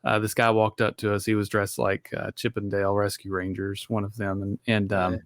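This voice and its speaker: Man telling a halting story, dry sound. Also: lowish voice, dry recording. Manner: halting, relaxed storytelling with fillers. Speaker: podcast co-host. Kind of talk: casual podcast chat.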